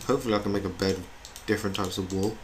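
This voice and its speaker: A man's voice: lowish voice, fairly even intonation, racing. A young man chatting in a rambling, self-mocking way as he plays a video game. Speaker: gamer. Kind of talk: gameplay commentary. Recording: noisy home recording with keyboard clicks.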